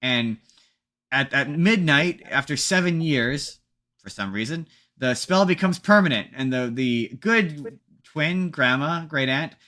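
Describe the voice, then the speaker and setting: A man's voice: a little high, animated, unhurried, sharp tone. A man co-hosting a podcast, retelling a movie in casual chat, rambling and restarting often. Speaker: podcast co-host.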